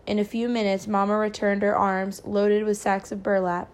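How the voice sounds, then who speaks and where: Woman reading a novel aloud, casual chatty recaps, mid pitch, small stumbles. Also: completely flat delivery, moderate pace, hardly any pauses. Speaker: reader.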